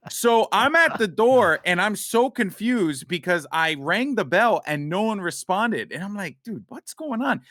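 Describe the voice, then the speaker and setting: A man co-hosting a podcast, telling a long story in a rambling, animated way, with many restarts and swearing. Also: high-pitched, unhurried, hardly any pauses, no echo, clean studio sound. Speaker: podcast co-host. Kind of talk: casual storytelling chat.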